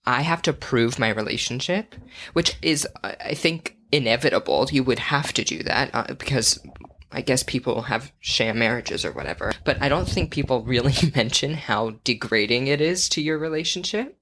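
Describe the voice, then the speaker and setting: A woman with a strikingly deep voice co-hosts a casual podcast chat. She talks candidly, laughs often and fills her sentences with "like.". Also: expressive, moderate pace, a bit bright. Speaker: podcast co-host.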